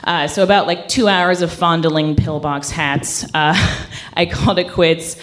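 A woman telling a true story on stage at a coffeehouse show, chatty and loose, with lots of "like" and "um" fillers. Her voice sits a little low for a woman. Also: steady tone, measured pace. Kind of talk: live personal storytelling.

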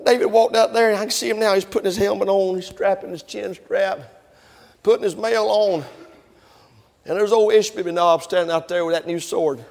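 Male preacher, folksy storyteller, high voice, long echo of a large hall. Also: steady tone, brisk, vocal fry. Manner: folksy storytelling, building to shouting. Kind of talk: sermon.

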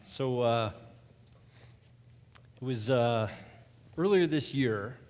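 A man's voice: medium pitch, expressive, drawn-out words, a little mellow, big-room sound. A man, a pastor, telling a story to an audience in a conversational, self-deprecating way.

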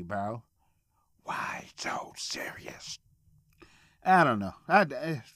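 A man's voice: fairly high pitch, no room sound, clean studio sound. A man hosting a solo podcast from a small room, ranting in a profane, exasperated way. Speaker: podcast host.

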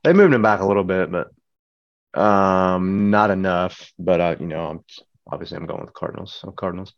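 A man's voice: low voice, brisk, no room sound. A man co-hosting a casual podcast, playful and rambling in his banter. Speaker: podcast co-host. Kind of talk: casual chat. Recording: dull, dry lo-fi recording.

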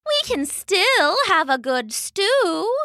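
A woman voicing a kindly, patient old woman with a soft, soothing manner in a storybook. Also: very high voice, very animated, slow pace, no echo, studio quality, voice pushed up, exaggerated voice.

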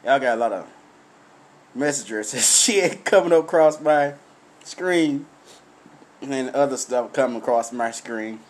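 A man's voice: medium pitch, a little slow, pauses often. A man chatting on a livestream, tipsy from drinking, talking in a profane, rambling way. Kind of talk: casual livestream chat.

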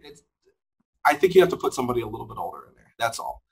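A man's voice: medium pitch, big pitch swings, racing, creaky, breathy edge. A man co-hosting a podcast, talking casually and animatedly with lots of laughs and fillers. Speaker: podcast co-host. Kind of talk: casual chat reviewing a film.

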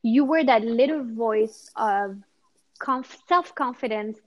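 A woman's voice: a little high, takes it slowly, poor audio. Blunt, swearing woman podcast host. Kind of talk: casual podcast chat.

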